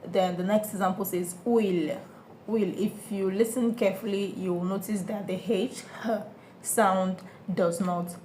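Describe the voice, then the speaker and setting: Slow, patient woman teaching pronunciation. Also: mid-range voice, fairly even intonation, warm tone, slight background noise. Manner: patient, repeats each sound slowly and checks understanding. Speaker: French teacher. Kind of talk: beginner pronunciation lesson.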